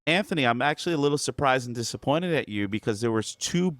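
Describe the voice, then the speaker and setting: A playful man chatting as a guest reviewer, cracking jokes and laughing along. His voice sits at an ordinary middle pitch, recorded close and dry. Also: expressive, fast, fairly bright tone, no room sound. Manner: playful, joking, laughs a lot. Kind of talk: casual review chat.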